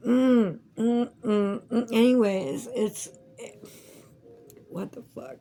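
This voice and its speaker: A woman's voice: mid-range voice, a little slow, a little mellow, rough recording. A woman vlogging at home, rambling casually with lots of swearing and frequent laughs. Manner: profane, rambling, laughs often. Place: at home while crafting.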